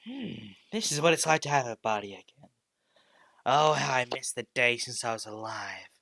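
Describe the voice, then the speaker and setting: A man's voice: mid-range voice, expressive, moderate pace, creaky, sharp tone, a little hiss or hum. A man voicing a gloating shadow demon. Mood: sinister. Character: sinister ancient male shadow spirit, cruel, gloating.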